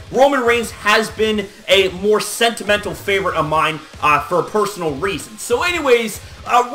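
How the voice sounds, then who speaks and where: Excitable high-voiced man recapping wrestling. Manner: excitable, peppered with "like" and swearing. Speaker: wrestling vlogger. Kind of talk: casual recap commentary.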